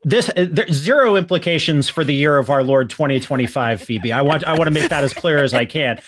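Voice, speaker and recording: A man in his thirties with a slightly raised pitch chats on a podcast. He jumps in with jokes and animated questions, and his talk is quick to rise in excitement. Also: a little hiss or hum. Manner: animated, joking, interjecting. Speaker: podcast co-host. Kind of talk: casual chat.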